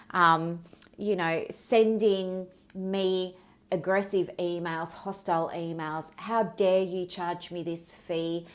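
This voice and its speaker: Middle-aged woman doing a solo podcast, chatty and candid, lowish voice, keeps going off on tangents. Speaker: podcast host and business mentor.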